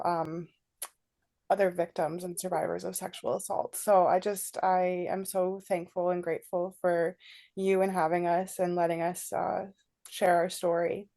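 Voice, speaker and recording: Mellow low emotional woman guest. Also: gravelly. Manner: earnest, emotional, thankful. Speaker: guest, nonprofit co-founder. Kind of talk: interview answer.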